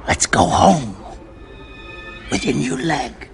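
Hammy fantasy-film villain warlord, very slow and swooping, music score behind. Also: male voice, a little high, animated, gravelly, full character voice. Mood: grandiose. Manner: grandiose, drawn-out, melodramatic. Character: flamboyant theatrical male villain warlord, vain. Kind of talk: 1990s fantasy film acting.

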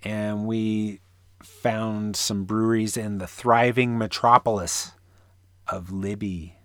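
A man's voice: on the low side, steady tone, takes it slowly, fairly bright tone, no room sound, studio quality. A man co-hosting a casual podcast, joking and rambling with many restarts. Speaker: podcast co-host. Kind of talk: casual chat.

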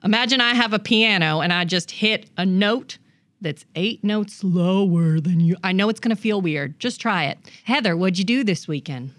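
A woman's voice: mid-range voice, moderate pace, fairly bright tone, dry recording, studio quality. A woman hosting a comedic dating advice show, coaching a guest in a brash, bossy way. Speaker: host.

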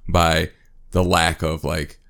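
A man with a very deep voice talks loosely in a relaxed podcast chat. He rambles, circles back on himself and grows heated when something confuses him. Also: slow pace, clean tone. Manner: rambling, restarts often, gets worked up when frustrated. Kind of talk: casual chat.

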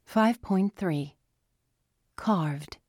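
A woman reading a novel aloud as narrator, slow and measured. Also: on the low side, a little mellow, no echo, studio quality. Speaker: audiobook narrator. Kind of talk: scripted narration.

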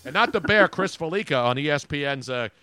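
Guy cohosting sports podcast, jokey and rambling, bright voice. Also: fairly high pitch, fairly quick, soft background music. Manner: joking, rambling, animated. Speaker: podcast co-host. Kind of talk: casual sports chat.

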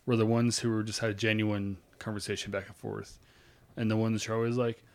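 Low-ish voiced guy on a podcast, intense + opinionated, swears a lot. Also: little pitch movement, brisk. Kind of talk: casual podcast chat.

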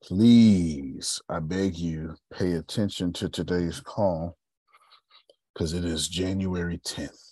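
A man's voice: low voice, slow, warm tone, breathy edge, no room sound, studio quality. A man from Texas leading a group call, telling stories and preaching motivation with strong emphasis. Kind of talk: motivational talk.

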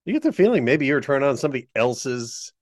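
A man's voice: medium pitch, sing-song, quick pace, dry recording. A man co-hosting a podcast, chatting casually, laughing often and making dry, wry remarks. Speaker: podcast co-host. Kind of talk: casual chat.

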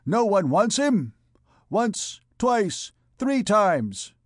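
A man voicing a loud, swaggering male vagabond chief who bellows and mocks. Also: high voice, very animated, very slow, no echo, studio quality, pitched above the performer's own voice, heavily acted. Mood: gleeful. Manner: bellowing, mocking auctioneer calls. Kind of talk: audiobook character voice.

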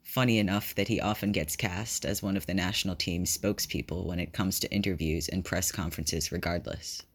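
A man reading a fan fiction story aloud in a steady, even storytelling manner. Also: sits low, brisk, slightly rough. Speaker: reader.

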